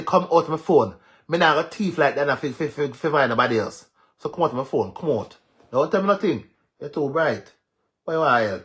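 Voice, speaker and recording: A man with a Jamaican accent ranting on a livestream as a social media commentator, loud and mocking, laughing and cursing as he goes. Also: a little high. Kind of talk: livestream rant.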